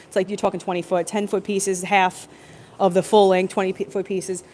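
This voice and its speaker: A young woman telling a work story on a live stream from her phone, chatty and animated, with lots of fillers and laughs. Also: medium pitch, a little fast, slight background noise. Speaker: plumbing apprentice vlogger. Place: construction site building, indoors. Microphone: phone held in hand.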